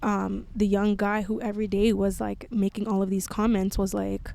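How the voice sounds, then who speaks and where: A woman's voice: medium pitch, flat delivery, normal speed, vocal fry, dark tone, no room sound. Candid young woman telling a personal story. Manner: candid, filler-heavy with frequent "like". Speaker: podcast host.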